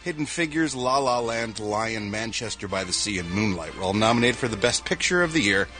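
A man's voice: on the low side, expressive, fairly quick, over music. A man hosting a radio show, joking his way through entertainment news in casual chat. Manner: wisecracking, reading news items.

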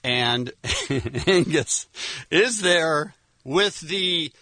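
A man hosting a casual talk show, recapping a film with animated storytelling and frequent laughs. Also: fairly high pitch, drawn-out words, no echo. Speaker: podcast host.

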